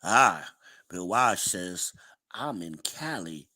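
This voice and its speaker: A man hosts a casual livestream podcast. His voice sits fairly low, and he chats loosely, laughing now and then as he reads comments from the chat. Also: expressive, measured pace, pauses often, fairly bright tone. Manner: chatty, reads chat aloud, laughs often. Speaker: podcast host.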